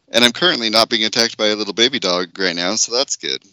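A man's voice: medium pitch, bright, forceful tone, no echo. A man co-hosting a casual podcast, joking around and often breaking into laughter. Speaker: podcast co-host.

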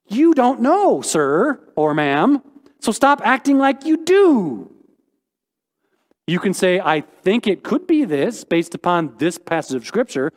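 A man preaching a sermon as a pastor, animated and joking, with sudden high exclamations. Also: takes it slowly, big-room sound.

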